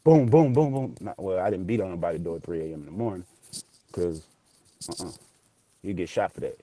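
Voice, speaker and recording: A man tells a ghost story casually, animated and profane, acting out the voices. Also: low voice, brisk, no room sound. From Memphis area, US South. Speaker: guest telling a ghost story.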